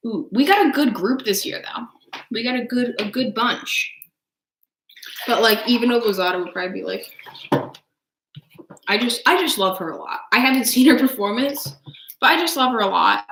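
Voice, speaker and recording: A woman's voice: fairly high pitch, lively intonation, normal speed, pauses often, background noise. Rambling young woman vlogger. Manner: rambling, lots of "like" and "um" fillers; eating while talking. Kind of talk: casual chat.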